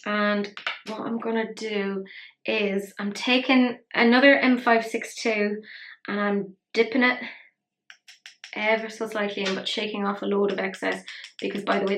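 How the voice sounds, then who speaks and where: A woman's voice: mid-range voice, a bit bright. A young woman talking through a makeup tutorial in a rambling, self-mocking way. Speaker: beauty vlogger. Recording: roomy echo.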